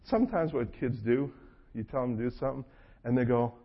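A man's voice: medium pitch, a little fast. A man from North Carolina with a Southern US accent, preaching a sermon as a pastor in a conversational, joking storytelling way. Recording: dull lo-fi recording.

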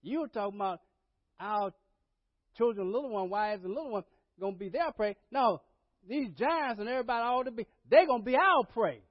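A man preaching a sermon as pastor, swinging between low murmurs and loud dramatic paraphrase. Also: expressive, fairly quick, dry recording, highs cut off. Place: church.

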